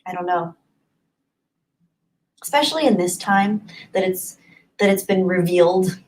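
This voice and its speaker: Woman streamer, casual chat host, reads comments aloud, laughs a lot, slips into soft whispers. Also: lowish voice, lively intonation, a little slow, rough recording. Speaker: live streamer reading chat.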